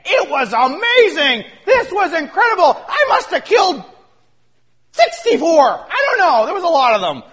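A male pastor preaching a sermon, swinging between shouted excitement and hushed asides. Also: extremely high pitch, normal speed.

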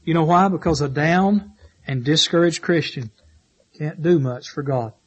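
High-voiced fervent male preacher. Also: measured pace, husky, muffled recording. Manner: fervent, repetitive exhortation with rising and falling emphasis. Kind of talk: sermon. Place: church.

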